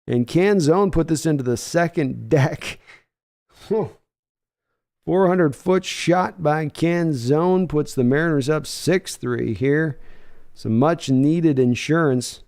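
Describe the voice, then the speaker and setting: Male stream host, clean resonant voice, casual play-by-play with excitable calls and chatty asides. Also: a little high, slow. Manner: excitable home run calls, chatty while reading chat. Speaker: live stream host reacting to a baseball game. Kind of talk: casual live play-by-play and chat.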